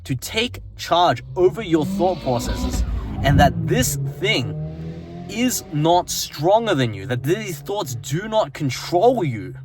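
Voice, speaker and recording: Over background music, a man gives an earnest motivational self-help talk at a slow pace, his fairly high voice swinging widely in pitch. He repeats himself and keeps ending lines with "right?".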